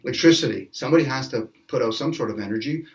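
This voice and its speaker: A man's voice: mid-range voice, very fast. A man in a casual speculative panel discussion, talking animatedly, acting out little quoted exchanges and laughing often. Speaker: panel guest. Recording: distant from the mic.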